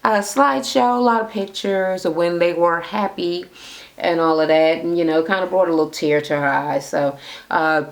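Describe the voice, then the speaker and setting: A woman's voice: on the low side, normal speed. A woman recapping a reality TV episode in a gossipy, profane, casual rant, acting out the cast members' lines as she goes. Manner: gossipy, profane, retells scenes by quoting the cast.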